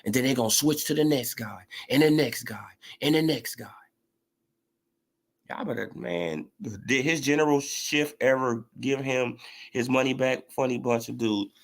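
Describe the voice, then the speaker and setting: A woman's voice: rumbling low, moderate pace. A woman ranting heatedly in a sports commentary vlog, swearing freely and calling people out. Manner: profane, heated, animated.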